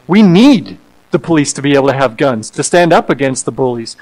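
A man, an associate pastor, preaching a sermon in an animated way, acting out quoted voices and repeating words as he goes. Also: medium pitch, a little fast, rough recording.

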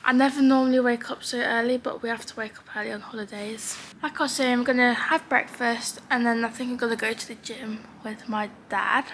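Teenage girl, vlogger, sleepy morning voice, high and bright, faint background hiss. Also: steady tone, fairly quick, few pauses. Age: teens. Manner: sleepy, soft morning voice, often near a whisper. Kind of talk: casual vlog chat.

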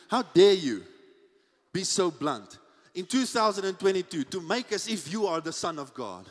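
A pastor preaching a sermon, swinging between hushed asides and shouted peaks. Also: male voice, high-pitched. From South Africa. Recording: church hall with long reverb.

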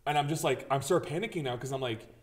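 A man's voice: mid-range voice, rapid-fire. A man co-hosting a casual gaming podcast, telling a story with lots of swearing and acted-out reactions. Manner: animated storyteller, swears freely, acts out his own reactions. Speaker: podcast co-host.

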